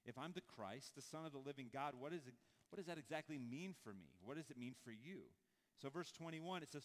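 A man preaching a sermon to a congregation, conversational and animated, breaking into acted-out quotes and casual asides. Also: medium pitch, a little fast. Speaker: pastor. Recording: long hall reverb.

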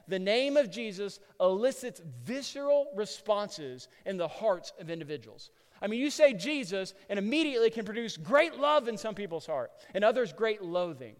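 A man preaching a sermon, telling stories with animation and building to loud peaks. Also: high-pitched, very animated, moderate pace. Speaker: pastor. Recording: long hall reverb.

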